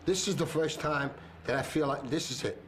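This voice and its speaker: Firefighter telling a vivid story. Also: male voice, fairly high pitch, normal speed, slight background noise. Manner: vivid storyteller who acts out shouted quotes. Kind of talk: documentary interview recollection.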